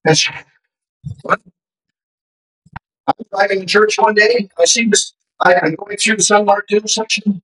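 High-voiced fervent male preacher. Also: fairly even intonation, moderate pace, pauses often, a bit bright, low-quality recording. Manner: emphatic, fervent retelling with quoted dialogue. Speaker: preacher giving a testimony. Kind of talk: sermon testimony storytelling.

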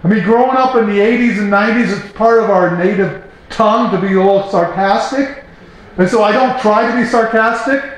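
A man in his forties reading Bible verses aloud and breaking in with casual asides. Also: high-pitched. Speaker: Bible teacher. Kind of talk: informal Bible reading and commentary. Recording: very echoey room.

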